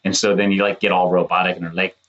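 A man in his thirties, co-hosting a casual chat and acting out quotes with animated shifts in voice. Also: low-pitched, fast talker, highs cut off. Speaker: podcast co-host, former contestant.

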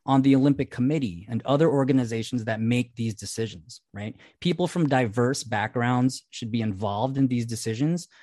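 A man's voice: medium pitch, moderate pace, hardly any pauses, warm tone, no room sound. A man co-hosting a casual podcast, laying out his view at length after reading a listener's email. His voice sits in a middle register. The sound is dry and close, with no room around it. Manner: reads listener mail aloud, then explains his view at length. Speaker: podcast co-host.

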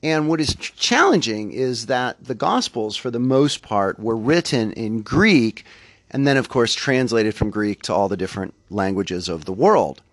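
A man in mid pitch hosts a reflective spiritual podcast. He talks in a thoughtful, conversational way and often stops to rephrase himself. The sound is dry, with no room behind it. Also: lively intonation, unhurried, dry recording. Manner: thoughtful, self-correcting, conversational. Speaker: podcast host.

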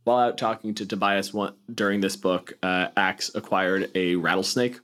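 A man's voice: low voice, fairly even intonation, moderate pace, fairly bright tone. A man hosting a casual book-club podcast, recapping the plot in a blunt, profane way. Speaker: podcast host.

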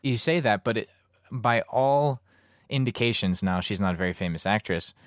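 A man's voice: on the low side, moderate pace, dry recording, studio quality. A man co-hosting a casual movie review podcast, joking and laughing often. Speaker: podcast co-host.

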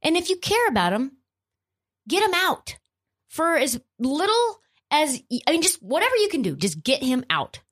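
A woman hosts a sports podcast in a loose, profane rant. Her voice sits fairly high and swings widely in pitch as she hammers her points. The delivery stays casual and heated throughout. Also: normal speed. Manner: profane, animated ranting. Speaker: podcast host.

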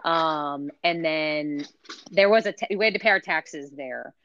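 Low-voiced woman chatting on a podcast. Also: unhurried, fairly bright tone, lo-fi sound. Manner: chatty and explanatory, thinks aloud. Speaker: podcast panelist. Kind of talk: casual podcast chat.

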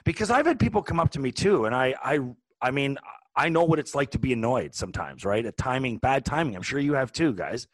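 Man in his forties, podcast co-host, rambling animated storyteller, dry close sound. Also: medium pitch, fairly quick, no room sound. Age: 40s. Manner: animated, rambling with many restarts. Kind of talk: casual storytelling.

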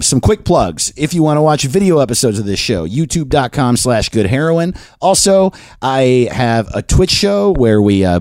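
A man hosts his own podcast in a rambling, self-deprecating monologue. His pitch swings widely as he talks. The sound is close and dry, with no room around it. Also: darkish tone, clear, resonant tone, no room sound. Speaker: podcast host. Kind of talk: casual monologue and chat.

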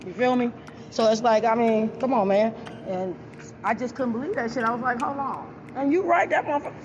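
A woman's voice: fairly high pitch, fairly quick, noisy background. A woman telling a story in a casual way, blunt and profane, laughing often. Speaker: storyteller addressing an audience. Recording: dull lo-fi recording.

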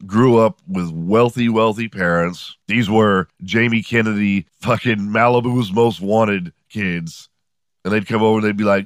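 A man's voice: on the low side, no room sound, clean studio sound. A man in his forties hosting a podcast, telling rambling comedic stories in a profane, sardonic way. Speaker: podcast host. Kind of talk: comedic storytelling monologue.

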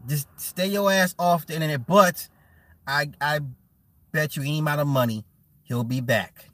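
A man hosting a casual livestream, reading chat aloud and riffing with loud laughs, mockery and swearing. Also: a little high, normal speed, dry recording. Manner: animated, laughing, mocking, swearing.

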